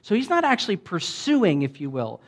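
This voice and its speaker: A man preaching a sermon, telling a parable in a casual way and raising his voice when he reads the quoted lines. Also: moderate pace. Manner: animated, voice rises high when reading quoted lines; casual, many fillers, laughs often. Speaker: pastor.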